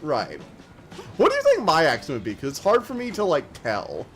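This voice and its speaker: Male game streamer, a bit high-pitched, quick and slurred, rambling casual chat. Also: huge pitch swings, faint music behind. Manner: talks fast and slurs words together; chatty and rambling, many fillers. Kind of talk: casual live-stream chat while gaming.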